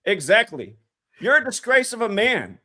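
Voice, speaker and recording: A man's voice: high-pitched, big pitch swings, moderate pace, a crowd in the background. A man in his fifties, a show panelist trading mocking, combative insults in a heated online argument. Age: 50s.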